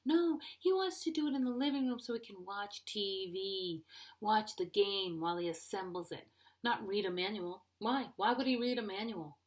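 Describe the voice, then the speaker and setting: A middle-aged woman performing stand-up comedy, animated and playful. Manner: high-energy, animated, playful.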